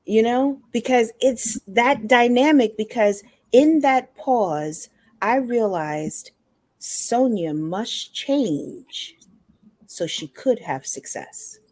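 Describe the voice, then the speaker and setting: This woman, a motivational speaker interviewed on a podcast, shares her personal story in an earnest way, performing the conversations she recalls. Her slightly high voice has a darkish tone and takes things slowly. The recording is dry.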